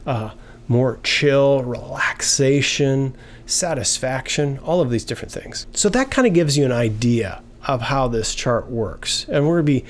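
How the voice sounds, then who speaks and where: A man teaching a lesson in a relaxed, conversational way, now and then acting out short example phrases. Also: mid-range voice, measured pace. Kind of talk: explanatory lesson.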